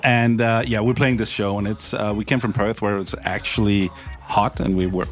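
A man telling a story in casual chat, halting and laughing, with many fillers. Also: fairly low pitch, steady tone, soft background music. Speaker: touring musician guest.

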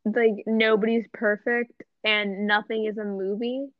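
A young woman co-hosting a casual podcast chat, rambling excitedly and saying "like" constantly. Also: medium pitch, a little slow, no echo. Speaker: podcast co-host. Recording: dull, dry lo-fi sound.

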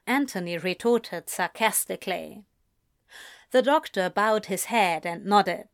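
A woman narrating a story in a steady, measured way. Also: mid-range voice, dry recording, studio quality. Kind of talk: storybook reading.

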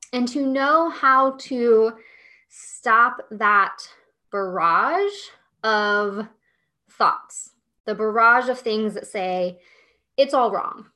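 A woman's voice: on the high side, pushed and bright. A woman hosting a solo podcast, coaching business owners in a chatty, emphatic way with lots of "like" and "okay?".

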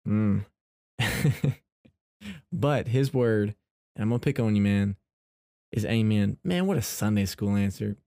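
A man's voice: lowish voice, unhurried, long pauses, dark tone, dry recording. A man hosting a casual faith-based podcast, chatty and playfully teasing his listeners. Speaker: podcast host.

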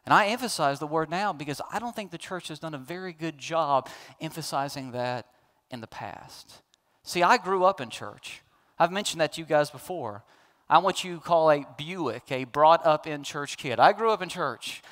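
High voiced guy preaching, keeps leaning on words, stacks up questions. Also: expressive, normal speed, fairly bright tone. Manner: emphatic preaching with rising, pleading questions. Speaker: pastor. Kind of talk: sermon.

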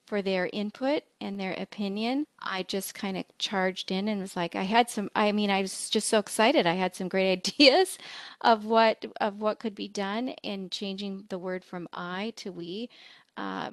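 A woman's voice: mid-range voice, no echo. A woman nursing educator telling a candid, earnest story about her early leadership, speaking thoughtfully in an easygoing conversational way.

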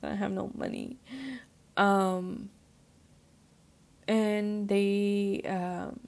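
A woman's voice: mid-range voice, little pitch movement, drawn-out words. A young woman hosting a podcast, telling a personal story in casual chat, filling it with "like" and slipping into Spanish phrases. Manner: filler-heavy, says "like" constantly, mixes in Spanish. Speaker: podcast host.

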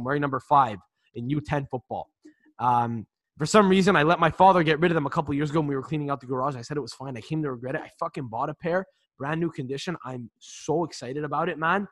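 A man's voice: fairly high pitch, a bit bright, no echo. A man in his twenties co-hosting a football podcast, chatting casually with frequent swearing, laughter and restarts. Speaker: podcast co-host. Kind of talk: casual chat.

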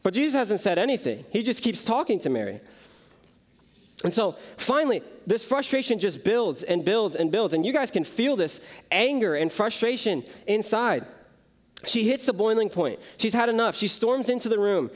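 This young man's voice is high with lively intonation at a normal pace. Preaching a relaxed sermon to youth, he narrates conversationally and keeps turning to the audience with "like" and "right?"

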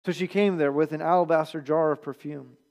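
A male pastor giving a Sunday sermon in a conversational manner, dropping quiet at the ends of phrases. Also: fairly high pitch, fairly even intonation, fairly quick. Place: church.

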